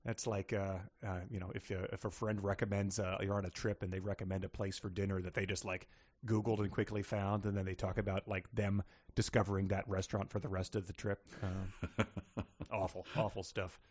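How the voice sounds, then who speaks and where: A man's voice: low-pitched, little pitch movement, a little fast, a little mellow. A man co-hosting a casual book podcast, rambling and hesitant, often joking at his own expense. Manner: rambling, hesitant, self-deprecating. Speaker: podcast co-host.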